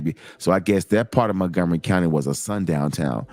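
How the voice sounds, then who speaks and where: A middle-aged man hosting a show, telling a personal story in a casual, animated, digressive way. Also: low voice, a little fast, no echo. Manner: animated, digressive, lots of repeated starts. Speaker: host.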